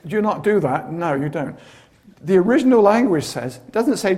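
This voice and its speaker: A man's voice: sits high, brisk. A man preaching a sermon, telling stories with dramatic flair and humorous asides. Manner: animated storytelling with humorous asides.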